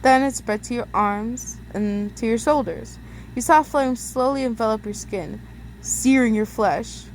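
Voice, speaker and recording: A woman's voice: on the high side, a little slow, a little hiss or hum. Young woman reading fan fiction aloud. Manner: casual, laughs at her own slips. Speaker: story reader.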